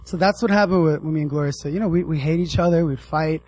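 A young American man giving a casual, animated sermon, acting out the characters in his story. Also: a little high, fast talker, slight background noise, low-quality recording. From United States. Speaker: preacher.

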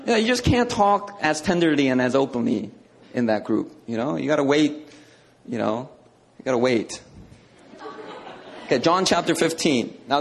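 A male preacher teaching a sermon in a conversational, emphatic way, often checking in with "okay". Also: a little high.

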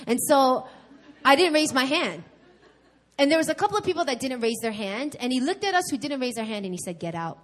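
Woman from new york preaching, tells her own story, repeats things for punch, voice sits a bit high. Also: brisk, a faint crowd. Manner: candid, animated storytelling with emphatic repetition. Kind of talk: sermon with personal testimony. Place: church service.

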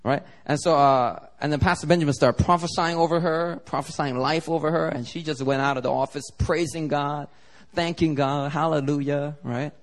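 His voice sits a little high and his speed is normal as this pastor preaches. Storytelling drives the sermon, and he animatedly acts out the voices of its characters.

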